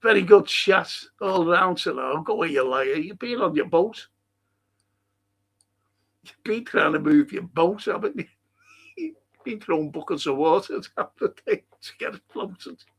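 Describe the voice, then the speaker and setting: A Liverpool man with a gravelly edge and a fairly high voice rambles through stories and viewer comments. He swears freely, laughs at his own tales, and talks in a loose, casual stream-host way. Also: lively intonation, measured pace, long pauses. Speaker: host of a fan live stream.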